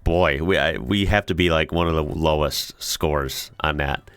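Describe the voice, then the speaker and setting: Low-voiced man, amused reactor. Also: a little slow, a bit bright, clean tone, no echo. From United States. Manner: laughs often, amused and incredulous. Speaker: reaction video host. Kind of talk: casual reaction commentary reading comments aloud.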